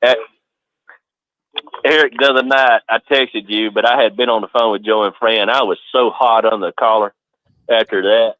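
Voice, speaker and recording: A man with a North Georgia accent who hosts a casual call-in chat, telling stories in a folksy, unhurried way. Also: on the low side, fairly even intonation, dry recording. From southern United States. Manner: folksy, drawn-out storytelling. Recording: dull lo-fi call audio.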